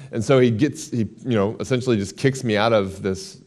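An American man, a guest in an interview, telling a long story with lively quoted lines. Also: fairly low pitch, brisk. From United States.

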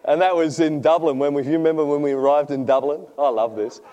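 A man preaches with a fairly high but mellow voice. He tells funny anecdotes and laughs along at his own jokes before turning to scripture. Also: fairly even intonation, fast, a little hiss or hum. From Australia. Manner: jokey storytelling, laughs often at own stories. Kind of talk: sermon with humorous anecdotes.

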